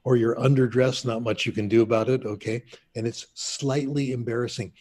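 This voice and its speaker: Older man, husky mellow storyteller. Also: medium pitch, fairly even intonation, a little fast. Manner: chatty anecdotal storyteller, laughs at himself. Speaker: interview guest, linguist. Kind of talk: casual storytelling.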